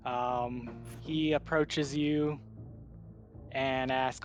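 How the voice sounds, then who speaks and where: A man running a tabletop game as game master, narrating in a relaxed, hesitant way with many fillers. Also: medium pitch, extremely slow, long pauses, faint music behind.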